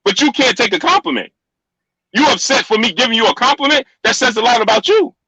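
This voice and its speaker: A middle-aged man argues heatedly on a live stream, insistent and repetitive, talking over the other speaker. His very high voice is fast and sharp with lively intonation and a breathy edge. The rough recording has no room sound.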